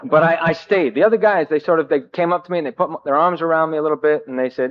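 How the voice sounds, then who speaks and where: A man telling his own recovery story to a meeting, with wry self-mocking humor and halting, filler-heavy delivery. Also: a little high. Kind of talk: personal recovery story told to a group. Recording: dull old cassette tape.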